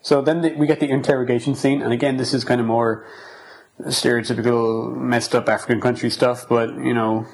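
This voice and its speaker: A man's voice: medium pitch, brisk, gravelly, rough recording. A man co-hosting a casual film podcast, retelling scenes and quoting lines with lots of fillers. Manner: animated retelling with quoted lines. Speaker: podcast co-host. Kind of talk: casual film review chat.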